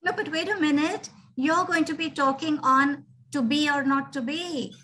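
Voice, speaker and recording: A woman hosting a book club on a video call, brisk and quick to correct. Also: sits high, bright, forceful tone, slight background noise. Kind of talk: casual chat and hosting.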